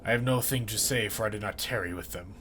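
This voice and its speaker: A man's voice: on the low side, fast talker, a bit bright, a little hiss or hum, natural voice. A man voicing a murderous talking tree that speaks in mock-solemn, old-fashioned English. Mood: evasive. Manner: archaic mock-solemn speech.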